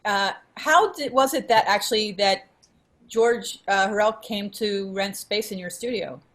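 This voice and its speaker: A woman's voice: mid-range voice, a little slow, a bit bright. A woman co-host asking questions hesitantly, with many fillers. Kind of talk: casual interview chat.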